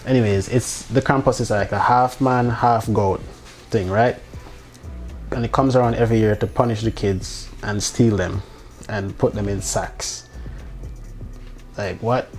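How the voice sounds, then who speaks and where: Man, lowish voice, rambling casual monologue, faint music under it. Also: steady tone, measured pace, long pauses, darkish tone. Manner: rambling, restarts often, swears, incredulous asides. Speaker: vlogger.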